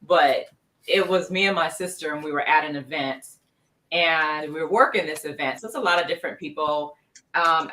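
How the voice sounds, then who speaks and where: A woman's voice: fairly low pitch, fairly bright tone. A woman guest on a casual chat show telling a chatty anecdote. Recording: echoey, distant from the mic.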